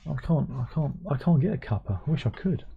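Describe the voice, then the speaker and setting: A man's voice: medium pitch, animated, brisk, gravelly, phone-quality sound, a little hiss or hum. A middle-aged man hosting a casual livestream, who reads out viewer comments and hums to himself between them. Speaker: livestream host.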